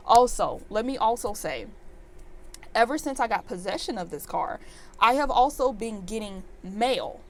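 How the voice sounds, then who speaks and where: A woman in her twenties telling a storytime vlog in an animated, exasperated rant full of fillers. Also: a little high, moderate pace. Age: 20s. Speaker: vlogger.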